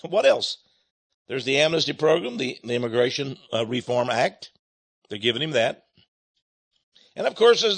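A man's voice: sits high, sharp tone. A man hosting a radio commentary show, talking in an emphatic, mocking way.

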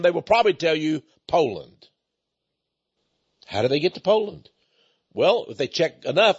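A man's voice: high voice, dull audio. A man from Texas with an East Texan accent, giving a folksy, emphatic preaching monologue.

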